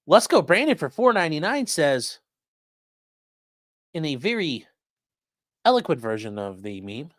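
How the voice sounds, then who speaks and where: On a legal commentary livestream, a male host chats casually and reads viewer comments aloud, his phrasing loose and repetitive, full of fillers and repeated phrases. His voice sits on the high side with big swings in pitch, and he talks a little slowly with long pauses. The recording is studio quality with no echo.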